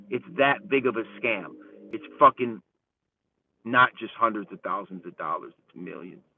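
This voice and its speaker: A man, a channel host, telling a rambling story in a profane, heated rant that swings between loud outbursts and low muttering. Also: no room sound, distant mic. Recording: dry phone-like lo-fi audio from off-mic.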